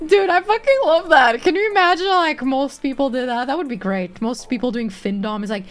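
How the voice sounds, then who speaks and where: A woman's voice: sits high, a little fast. A woman streaming live and chatting casually with viewers; she giggles constantly and swears freely.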